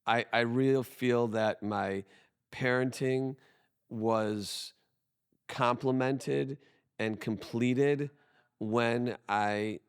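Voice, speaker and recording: A middle-aged man, a podcast guest, chatting casually and telling stories in a relaxed, measured way with a few hesitations. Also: medium pitch, clear, resonant tone.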